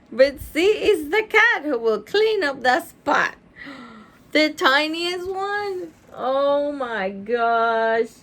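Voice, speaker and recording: A woman reading a picture book aloud with animated, chatty asides, gasping and laughing as she goes. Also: high-pitched, drawn-out words, long pauses. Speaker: reader.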